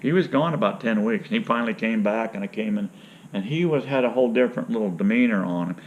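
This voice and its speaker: A man's voice: on the low side, animated, fast, slight background noise. A rambling man from Florida tells a story in a loose, folksy way, cracking jokes as he goes. The recording sounds dull and lo-fi, as if the treble were cut off. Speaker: vlogger. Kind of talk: casual storytelling rant.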